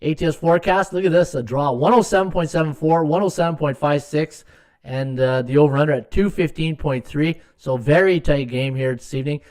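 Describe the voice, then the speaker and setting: Brisk and high-leaning, with a darkish tone, this man runs a live sports betting podcast. Stats pour out in a rambling stream of fillers and restarts, and he occasionally mutters to himself as he checks the figures.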